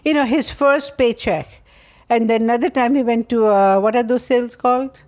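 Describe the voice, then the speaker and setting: A woman's voice: a little high, fairly even intonation, moderate pace, darkish tone. A middle-aged woman, a guest on her son's podcast, telling rambling, fond stories about him. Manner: fond, rambling anecdotes with fillers. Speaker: podcast guest, co-host's mother. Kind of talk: casual storytelling.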